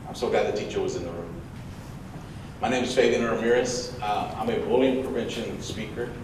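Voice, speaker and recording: A man's voice: fairly low pitch, a little fast. Male school speaker, storytelling, echoey big room, distant mic, audible noise. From United States, of Mexican parents. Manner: lively storytelling, acts out his mom. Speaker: bullying prevention speaker. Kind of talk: motivational school talk with stories. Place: large echoey room before an audience. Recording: echoey room, picked up from far off, noisy.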